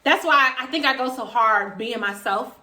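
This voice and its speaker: A woman with a Washington D.C. area accent speaks with a fairly high, bright voice, animated and emphatic as she vlogs straight to camera. Her talk is casual and full of slang. The sound carries a noticeable room echo. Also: normal speed. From Maryland, USA. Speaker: vegan vlogger.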